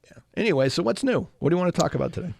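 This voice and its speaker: A man in his sixties, a radio co-host, telling a self-mocking story in casual, animated chat. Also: high-pitched, racing, creaky, no echo, studio quality.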